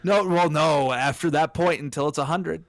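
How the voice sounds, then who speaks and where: Gravelly guy reading a text game out loud on stream, jokey rants, dry close sound. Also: on the high side, normal speed, dry recording. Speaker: streamer playing a text adventure. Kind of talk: casual co-op gaming chat.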